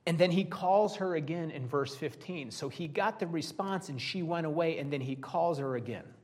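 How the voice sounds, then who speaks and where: A man preaching a conversational sermon to a Bible study group, lively, with joking asides to his listeners. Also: fairly high pitch, normal speed.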